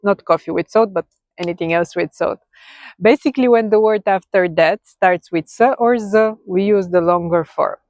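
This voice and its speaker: Bulgarian woman as a language teacher, mid-pitched, patient and chatty, pauses to check in; dry close recording. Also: darkish tone, dry recording. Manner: checks in often with "okay?" and repeats key words slowly. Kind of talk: casual explanatory lesson.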